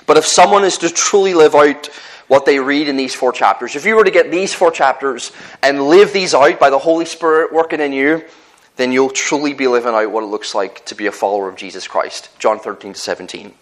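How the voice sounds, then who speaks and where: A man's voice: medium pitch, fairly quick, poor audio. A man with a Northern Irish accent preaching a sermon in an earnest, conversational way, often restarting his phrases and telling personal stories.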